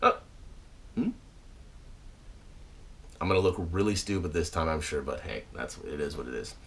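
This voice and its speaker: A man's voice: very deep voice, moderate pace. A man hosting his own channel from home, chatting casually to viewers with plenty of fillers and restarts. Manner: animated and chatty, many fillers and restarts, shouts out names. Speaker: channel host. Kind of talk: casual video update to viewers. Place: at home, indoors.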